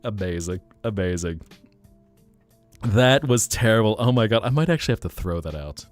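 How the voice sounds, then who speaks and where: A man's voice: low-pitched, lively intonation, quick pace, a little mellow, dry recording, soft background music. A man hosting a livestream in casual chat, playful and jumping between joke accents. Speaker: livestream host.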